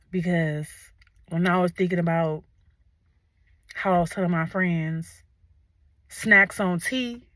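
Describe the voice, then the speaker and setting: A young woman from Ohio telling a storytime vlog in a profane, animated manner, talking straight to her viewers. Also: medium pitch, no echo. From Ohio, USA.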